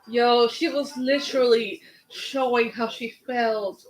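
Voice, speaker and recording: A woman's voice: fairly high pitch, steady tone, takes it slowly. A woman giving casual reaction commentary, emphatic and indignant as she talks over a show she is watching.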